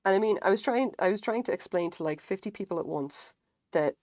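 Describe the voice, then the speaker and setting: A woman's voice: animated, a little fast, darkish tone, dry recording. A tired woman chatting casually on a live stream while she crochets, rambling and self-deprecating, swearing now and then. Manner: rambling, self-deprecating, acts out quotes in higher voices.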